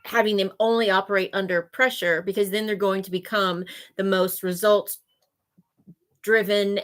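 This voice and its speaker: A woman's voice: mid-range voice, fairly even intonation, a little slow. A woman who teaches, co-hosting a casual podcast, earnest and emphatic with bursts of giggling.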